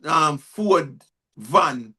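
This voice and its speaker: High-voiced Jamaican man telling his story. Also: expressive, drawn-out words, sharp tone, husky. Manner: repetitive, restarts words, acts out quoted dialogue in Jamaican Patois. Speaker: guest, reggae artist. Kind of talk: personal life story told in conversation.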